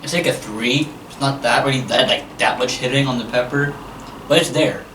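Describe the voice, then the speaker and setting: A man's voice: medium pitch, moderate pace, a bit bright. Laid back guy chatting about chicken, says like a lot, roomy echo, mic kinda far. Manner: easygoing, filler-heavy. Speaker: co-host of food review. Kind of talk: casual food review chat. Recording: echoey room, distant mic, faint noise.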